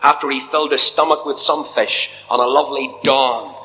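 A man preaching an evangelical sermon to a congregation in church, impassioned, dropping to a hush and then rising high. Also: steady tone, moderate pace, highs cut off, a little hiss or hum. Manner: impassioned, swinging from hushed to soaring. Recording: long reverb of a hall.

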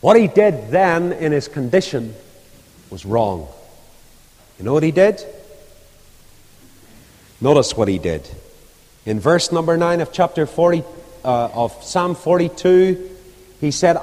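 A man's voice: a little high, sing-song, unhurried, long pauses, darkish tone. A man preaching an impassioned evangelistic sermon, rising to fervent appeals. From Northern Ireland. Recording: echoey hall with long reverb.

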